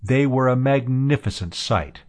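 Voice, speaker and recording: A man narrating a science fiction audiobook in a steady, even reading voice. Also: mid-range voice, a little slow. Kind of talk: scripted narration.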